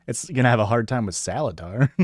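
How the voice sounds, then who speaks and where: A man's voice: medium pitch, a little mellow, breathy edge, dry recording, studio quality. A male streamer chatting casually on a live stream, joking and laughing, and reading mock-grand poems. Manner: laughing, joking, playful overblown poem reading.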